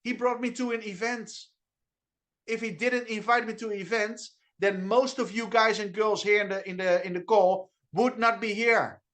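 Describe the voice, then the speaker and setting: A man with a Dutch accent, unusually high-pitched for a man, speaks with eager enthusiasm on a video call. He hammers home key phrases over and over, tripping over quick restarts as he pushes his team. He sounds like a trainer fired up about his message. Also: fairly even intonation, fairly bright tone. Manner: enthusiastic, repetitive, with restarts and stutters. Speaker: network marketing trainer. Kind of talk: energetic online training talk.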